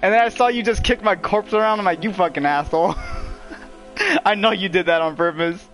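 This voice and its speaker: High-voiced man, profane livestream banter. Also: fast talker, faint music behind. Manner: profane, laughing, excitable banter. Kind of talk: casual gaming livestream chat.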